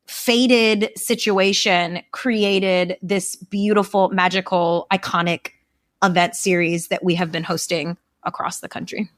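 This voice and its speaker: Young woman guest, candid storyteller, swears easily, mid-pitched, dry mic. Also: fairly bright tone, dry recording. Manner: candid and profane, chatty. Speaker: guest, event founder. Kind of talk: casual podcast interview storytelling.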